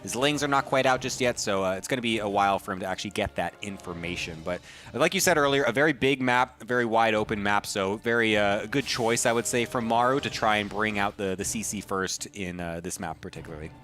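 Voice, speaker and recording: A young man co-casting a live esports match, giving steady analytical play-by-play. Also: fairly low pitch, quick pace, faint music behind. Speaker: esports co-caster.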